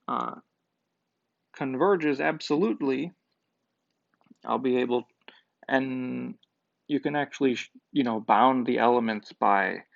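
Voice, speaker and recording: This is a man's gravelly, mid-range voice delivering a math lecture at a board. The professor works through a proof methodically, thinking aloud with the odd filler, captured in dull, lo-fi, dry audio.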